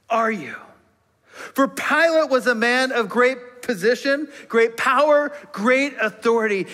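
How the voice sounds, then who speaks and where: A man preaching a sermon with emphatic rises that drop to a hushed near-whisper on key words. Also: extremely high pitch. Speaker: pastor. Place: church sanctuary. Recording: long church reverb.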